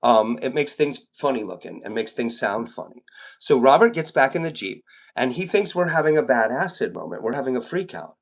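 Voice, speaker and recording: A man's voice: medium pitch, very animated, a little fast, creaky. A man live-streaming, telling a long rambling story to his chat, with lots of fillers and swearing. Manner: rambling, profane, with many fillers and restarts.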